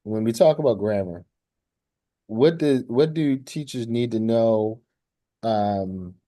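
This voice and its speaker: A man's voice: medium pitch, takes it slowly, dark tone. A man teaching a live language class, quizzing the student and often repeating and restarting his phrases.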